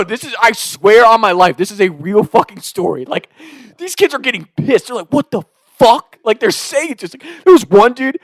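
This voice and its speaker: A young man spins a rowdy personal story, swearing freely and laughing as he goes. His voice sits high with a gravelly edge, and the sound is dry and close. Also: no room sound. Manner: animated, profane, laughing. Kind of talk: casual storytelling.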